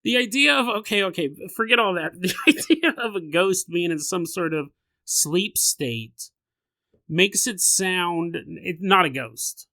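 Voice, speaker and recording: Animated male podcast host on a close mic, forceful bright tone, dry sound. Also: sits high, measured pace, no echo. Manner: animated, laughs often, riffs on scenarios. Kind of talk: casual storytelling podcast.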